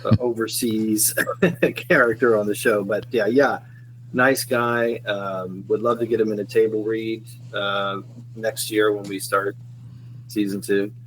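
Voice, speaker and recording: A man's voice: lowish voice, fairly even intonation, unhurried, slight background noise, poor audio. A man chatting casually as a podcast guest who created the show, rambling and laughing easily.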